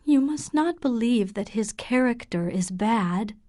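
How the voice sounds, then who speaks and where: A woman's voice: a little high, animated, unhurried, warm tone. A woman voicing a poor, loyal mother of five who speaks hesitantly and defensively in an audiobook.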